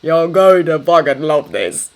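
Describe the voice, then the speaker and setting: Woman doing a cussing, hard-drinking army sergeant, blunt and gruff, lowish voice. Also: expressive, measured pace. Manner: blunt, swears constantly. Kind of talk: audiobook character voice.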